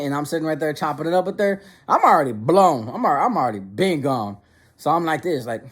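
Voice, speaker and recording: Slangy young man rambling through a story. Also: a little high. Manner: slangy, rambling, repeats words and restarts often. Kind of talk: casual storytime monologue.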